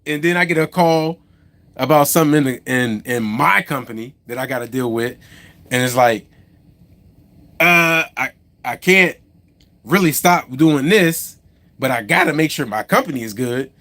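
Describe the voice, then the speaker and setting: A man's voice: mid-range voice, animated, moderate pace, pauses often, fairly bright tone. A man who drives a truck and owns a trucking company, telling a story on a casual live stream, rambling with many restarts and asides to viewers.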